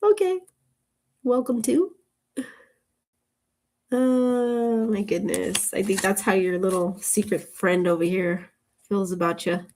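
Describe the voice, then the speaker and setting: There's slight background noise as a woman reads tarot casually on camera, her mid-range voice darkish, measured, and fairly even in intonation. She chats away, drifts into side topics, and laughs a lot between comments.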